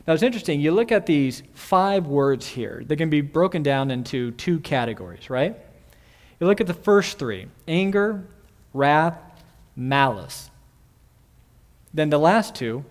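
A man preaching an expository sermon in an earnest way, repeating key phrases and asking the listeners questions. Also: a little high. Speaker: pastor.

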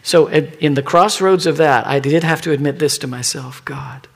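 A middle-aged man preaching a sermon as pastor, telling a personal story and dropping at times into hushed, near-whispered asides. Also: fairly high pitch, moderate pace.

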